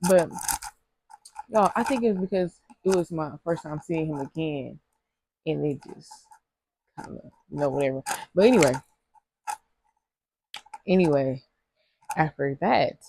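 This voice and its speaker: A woman's voice: sits low, unhurried, long pauses, mellow, slight background noise. A young woman telling a rambling, slangy storytime to her viewers, laughing often. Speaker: vlogger. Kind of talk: casual storytime chat.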